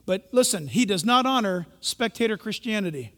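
A man preaching a sermon, telling a story and then breaking into loud, rising outbursts. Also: sits high, animated, moderate pace. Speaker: pastor. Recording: long hall reverb.

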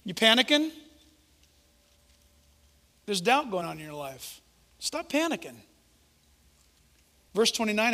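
A male preacher giving an animated, conversational sermon and acting out the quotes he tells. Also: sits high, unhurried, long pauses. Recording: echoey hall reverb.

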